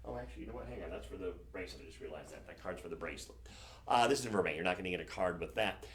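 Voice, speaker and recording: A man's voice: sits low, very fast, a little hiss or hum. A man hosting a live shopping stream, selling jewelry in a chatty, enthusiastic way and correcting himself as he goes. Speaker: shopping channel host.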